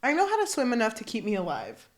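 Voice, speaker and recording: A young woman co-hosting a book podcast, telling stories in a casual, animated way and laughing often. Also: on the high side, fast. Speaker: podcast co-host. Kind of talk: casual chat.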